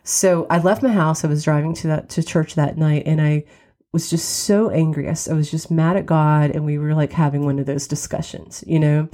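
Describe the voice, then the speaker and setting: A woman's voice: low voice, dark tone. A middle-aged woman from West Virginia, candidly telling a personal story on her podcast while getting over a cold. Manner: candid, reflective, wry laughs. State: has a cold, occasional cough. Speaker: podcast host.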